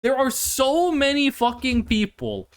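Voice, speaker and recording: A woman from Norway, chatting casually with her live-stream chat, blunt and animated, swearing freely. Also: sits high, unhurried, clean tone. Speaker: VTuber streamer.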